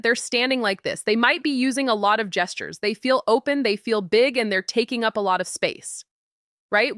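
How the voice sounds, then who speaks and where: A woman giving a motivational talk on confident communication, lively and acting out the quotes in her stories. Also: mid-range voice, no echo, studio quality. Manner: animated, acts out quotes and stories.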